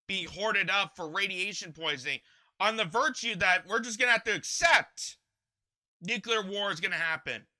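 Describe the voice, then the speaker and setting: A man's voice: sits high, pushed and bright. A young man hosting political commentary, ranting in an impassioned, indignant way and often repeating himself. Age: young adult.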